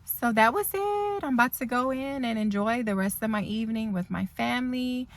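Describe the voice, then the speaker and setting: A woman's voice: a little high, expressive, normal speed. A woman instructor telling a heartfelt story in a rambling, emotional vlog from her car. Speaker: dental assisting instructor. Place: parked car.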